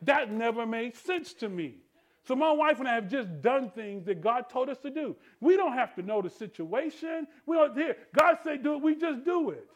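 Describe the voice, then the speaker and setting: A male pastor preaching a sermon in church, calling out to the congregation and swinging between hushed tender asides and shouted refrains. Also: very high voice, very animated, normal speed. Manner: preaching with call-and-response, rising to shouts; drops to soft tender voice for quoted lines.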